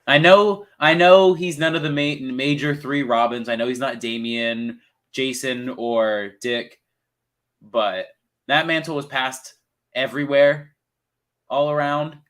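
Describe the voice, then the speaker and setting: Excitable young man rambling about movies. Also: mid-range voice, slow. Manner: rambling, excitable, swears casually. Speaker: podcast co-host. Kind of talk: casual movie review chat.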